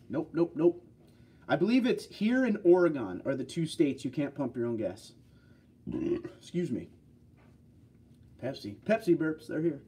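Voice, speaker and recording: A man's voice: a little high, big pitch swings, moderate pace, long pauses, dark tone, breathy edge. A man from New York hosting a livestream, chatting casually and rambling through answers to viewer comments. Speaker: livestream host.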